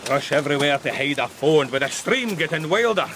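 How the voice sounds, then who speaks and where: An actor playing Jarvie, a fussy, moralizing Scottish merchant with a broad Scottish accent in a radio drama. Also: male voice, fairly high pitch, expressive, fairly quick, background noise, natural voice. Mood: brooding.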